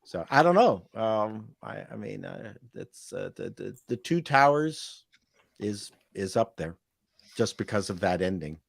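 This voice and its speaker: A man with a Toronto Canadian accent, a guest in a casual chat, telling animated stories and quick jokes. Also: fairly low pitch, gravelly, no room sound, studio quality.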